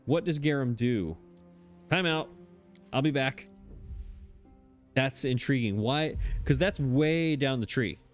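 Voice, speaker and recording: A man's voice: mid-range voice, takes it slowly, pauses often, faint music behind. A man hosting a let's play, thinking aloud in a chatty, puzzled way and poking fun at his own mistakes. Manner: self-mocking, chatty. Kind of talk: casual gameplay commentary.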